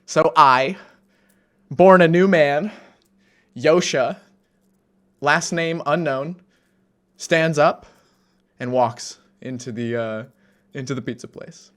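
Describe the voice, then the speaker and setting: A man's voice: fairly high pitch, slow, pauses often, fairly bright tone. Rambling young man telling a story. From United States. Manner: rambling, self-amused, many fillers and restarts. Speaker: vlogger. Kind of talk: casual storytelling.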